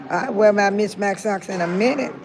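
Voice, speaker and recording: A woman's voice: medium pitch, normal speed, crowd noise. An older retired woman chatting casually with viewers on a phone livestream, laughing often and talking straight to them. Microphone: phone held close to the face.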